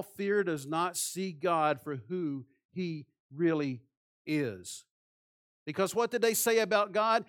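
A man preaching a sermon with passion, asking rhetorical questions and swinging between soft, hushed phrases and loud ones. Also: fairly high pitch. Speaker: pastor.

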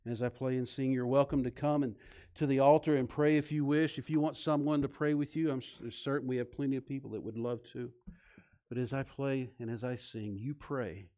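A man preaching a sermon as pastor of a church, quizzing the congregation and swinging from loud emphatic lines to soft, low endings. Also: fairly even intonation, brisk. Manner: preaching with call-and-response questions to the congregation. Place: church sanctuary.

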